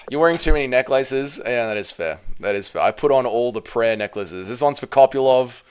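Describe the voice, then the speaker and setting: An animated man with a clean tone speaks at a measured pace while hosting a casual livestream. He reads the chat aloud, swears, and repeats himself, getting emotional, and his pitch climbs whenever he's upset.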